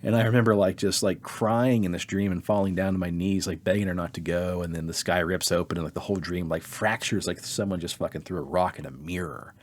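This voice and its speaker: A man co-hosting a podcast, telling a dream story in a casual, animated way, with his voice jumping up when he quotes people. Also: low-pitched, a little fast, hardly any pauses. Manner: animated, acts out quotes in a raised voice. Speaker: podcast co-host.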